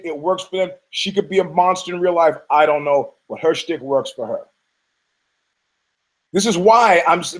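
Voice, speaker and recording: A man's voice: fairly high pitch, husky, low-quality recording. A man from Detroit hosting a podcast, riffing in a rambling, profane way with laughing asides and frequent restarts. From Detroit, United States. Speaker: podcast host. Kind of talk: rambling casual commentary.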